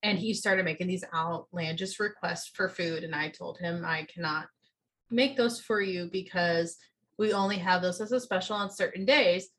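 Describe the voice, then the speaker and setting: A woman telling a story in casual chat, relaxed and matter-of-fact. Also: fairly low pitch, normal speed, a little hiss or hum.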